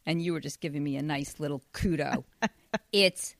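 A middle-aged woman, the host's mother, chatting as a podcast guest, nervous and quick to laugh. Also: low voice, vocal fry, no echo, studio quality. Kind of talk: casual podcast chat.

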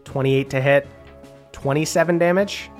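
A man running a tabletop game as game master, quick and animated and often breaking into laughs. His voice sits a little high, with faint music behind him.

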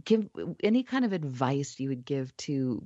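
A woman's voice: a bass voice, big pitch swings, normal speed, warm tone, no echo. A woman hosting a program, gushing with enthusiasm and thanks as she talks with her guest. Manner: effusive, enthusiastic. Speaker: host. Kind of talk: casual interview. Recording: dull, dry sound.

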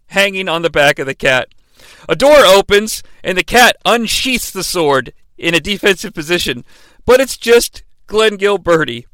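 A man's voice: fairly high pitch, creaky, bright, forceful tone, no echo. A man hosting a podcast, rambling through a comedic wrestling booking monologue with self-deprecating asides. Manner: rambling, self-deprecating, acts out quotes in voices. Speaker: podcast host.

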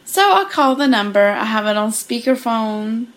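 A woman's voice: fairly high pitch, normal speed. A woman guest casually telling a story on a podcast, laughing often and quoting what people said. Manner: laughing, animated retelling with many quoted lines.

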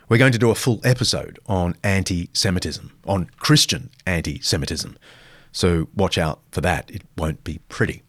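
Male podcast host with a lively pitch, dry close sound, answering listener questions with thoughtful emphasis. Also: no room sound. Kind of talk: reflective Q&A answers.

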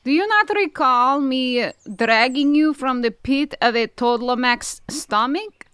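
A woman's voice: sits high, expressive, measured pace, fairly bright tone, clear, resonant tone, dry recording, studio quality. A young woman playing a witch in a tabletop game, speaking in character with earnest theatrical flair. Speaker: player. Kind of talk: in-character role-play.

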